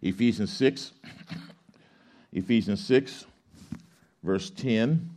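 A man's voice: fairly low pitch, drawn-out words, a little mellow. A male pastor preaching a sermon. He reads scripture aloud, explains it like a teacher, and asks the congregation questions for them to answer back. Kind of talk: sermon with call-and-response.

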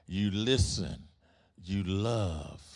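A man's voice: low-pitched, expressive, very slow, darkish tone. A man preaching a sermon, using rhythmic repetition and call-and-response with the congregation. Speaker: pastor.

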